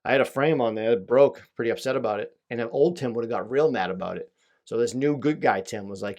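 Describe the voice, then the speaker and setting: Young male podcast host, solo casual chat, rambling and self-mocking, mid-pitched voice. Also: a little fast, a little mellow. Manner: rambling, self-deprecating, chatty asides.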